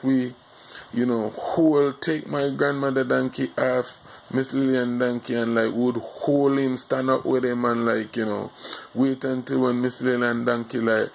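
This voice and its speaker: A man from Jamaica with a Jamaican accent, telling a childhood story in a rambling, halting way full of fillers. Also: mid-range voice, creaky, a little hiss or hum, poor audio. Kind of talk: casual storytime monologue.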